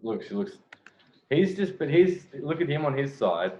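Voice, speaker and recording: A man giving a dating coach's commentary on a video clip, pausing it to explain and often laughing. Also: a little high, big pitch swings, mellow. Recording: roomy, dull sound.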